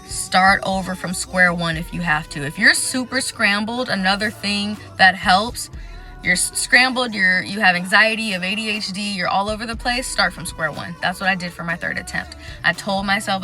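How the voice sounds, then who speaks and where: A young woman vlogging about resetting after failed exams, candid and chatty, listing things off in quick runs. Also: medium pitch, bright, forceful tone, soft background music. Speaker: vlogger sharing exam advice. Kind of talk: casual talking-to-camera vlog.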